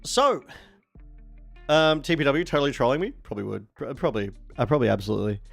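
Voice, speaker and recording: A man's voice: medium pitch, quick pace, gravelly, faint music behind. Chatty Australian man streaming. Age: 40s. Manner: chatty, rambling, bursts into excited shouting. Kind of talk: casual stream chat.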